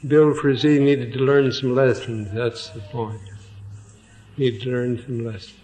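A man's voice: mid-range voice, flat delivery, darkish tone, lo-fi sound. A man preaching an evening sermon, reading a passage aloud, then repeating key phrases and putting questions to his listeners. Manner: slow and deliberate, repeats phrases for emphasis. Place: evening church meeting.

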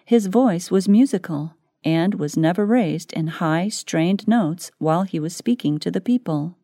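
A woman reading a devotional book aloud in scripted narration, slow and measured. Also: fairly low pitch, dark tone, dry recording, studio quality. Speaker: audiobook reader.

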